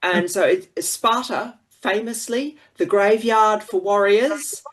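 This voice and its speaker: A woman from Queensland, a podcast guest talking in a dry, wry way with quick laughs. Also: medium pitch, a little hiss or hum. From Queensland, Australia. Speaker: guest writer. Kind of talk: casual podcast conversation.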